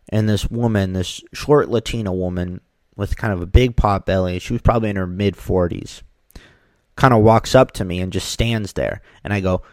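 A man telling casual stories in a rambling, halting monologue, often restarting his sentences. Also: fairly low pitch, darkish tone, dry recording, clean studio sound.

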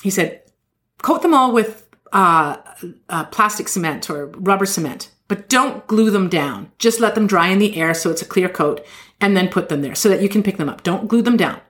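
A woman hosting a podcast, telling a story in casual chat and acting out quotes with jumps in pitch. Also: moderate pace. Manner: animated, acts out quotes with shifting pitch. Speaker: podcast host.

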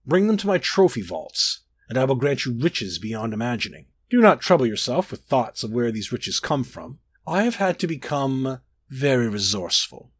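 Husky guy reading a spooky fantasy confession, lots of ups and downs in his voice, dry close sound. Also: mid-range voice, no room sound. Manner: expressive, brooding storytelling with dramatic rises and drops. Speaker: narrator. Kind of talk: dramatic first-person fantasy story reading.

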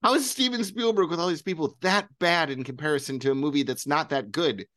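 A man's voice: on the high side, fairly quick, sharp tone, no echo, studio quality. A man co-hosting a casual film-review chat, rambling and dismissive. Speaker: podcast co-host, film reviewer.

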